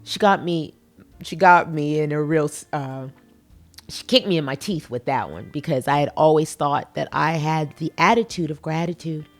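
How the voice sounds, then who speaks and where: A woman's voice: sits low, normal speed, faint music behind. A middle-aged woman hosting a motivational podcast, earnest and folksy, talking with emphatic conviction. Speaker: podcast host.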